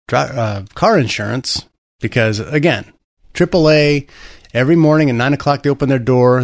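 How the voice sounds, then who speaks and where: A man's voice: medium pitch, creaky, no room sound, clean studio sound. A man hosting a talk radio show, rambling and sarcastic, with frequent restarts. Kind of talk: casual political talk radio.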